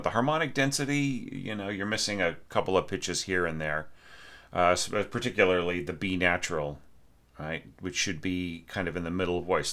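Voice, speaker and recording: A man critiquing a student's orchestration, talking haltingly with many fillers and self-corrections, and now and then singing out rhythms. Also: deep voice, sharp tone. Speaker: orchestration teacher giving feedback. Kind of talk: spoken score critique.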